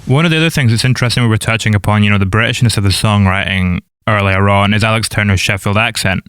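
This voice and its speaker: A man hosting a music podcast, asking measured, articulate questions. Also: on the low side, fairly bright tone, smooth, dry recording, studio quality. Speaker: podcast host. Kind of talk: interviewing on a podcast.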